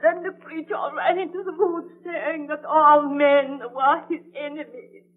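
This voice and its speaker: An actress playing a weeping widow whose husband was just killed, crying and frightened, in a 1930s radio drama. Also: female voice, high voice, steady tone, a little slow. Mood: sobbing. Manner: sobbing, frightened. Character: weeping widowed cottage woman. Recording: tinny old 1932 radio broadcast.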